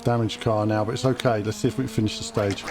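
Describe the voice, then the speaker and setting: A man's voice: on the low side, fairly even intonation, fast talker, over music. A man chatting casually as a game streamer, jokey and rambling. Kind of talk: casual livestream chat.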